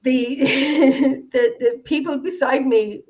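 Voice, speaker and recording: A woman's voice: high-pitched, fairly even intonation, takes it slowly, a little mellow. An Irish woman on a video call, telling a story in casual chat, emotional and rambling, with many restarts. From Ireland. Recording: dull lo-fi sound.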